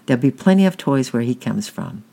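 A man's voice: mid-range voice, expressive, brisk, gravelly, mellow. A man voicing a harsh, impatient stepfather who barks orders at a boy. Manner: barking, bossy.

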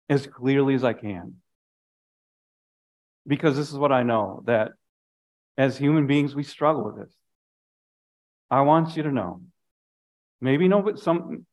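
A man's voice: fairly high pitch, lively intonation, normal speed, pauses often. A man, a pastor, preaching a sermon earnestly, often repeating phrases and dropping his voice for emphasis.

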